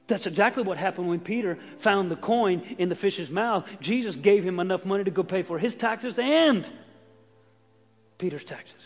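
A man preaching a sermon as pastor, swinging from hushed asides to shouted emphasis. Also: high-pitched, brisk, in a large hall, faint music behind. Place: church sanctuary.

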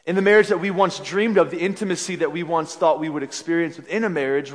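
A man preaching a sermon as a pastor, telling stories in an animated way with frequent restarts. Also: on the high side, fast talker, few pauses. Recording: long reverb of a large hall.

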